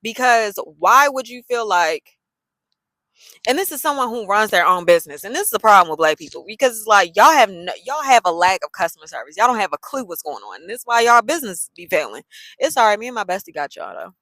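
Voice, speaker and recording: A woman, telling a story in a casual vlog, sassy and animated. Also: medium pitch, fairly quick, dry recording, low-quality recording. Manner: animated, sassy, loose colloquial talk.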